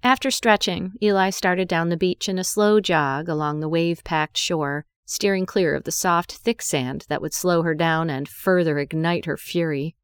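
Smooth low-voiced woman narrator. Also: dry recording, clean studio sound. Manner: even, measured storytelling. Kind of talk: scripted audiobook narration.

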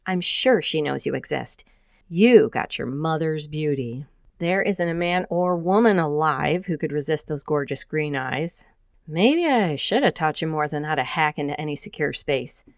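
A woman's voice: low-pitched, lively intonation, normal speed, no room sound, clean studio sound. A woman voicing an affectionate, joking middle-aged mother who is a hacker. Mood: teasing.

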